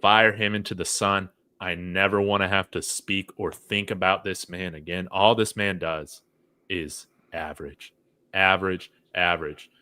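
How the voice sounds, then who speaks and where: A man's voice: sits low, fairly even intonation, moderate pace, hardly any pauses, sharp tone, clear, resonant tone, dry recording. A man co-hosting a sports podcast, talking bluntly and with exasperation, often saying "man" and "dude". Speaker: podcast co-host. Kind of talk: casual sports podcast chat.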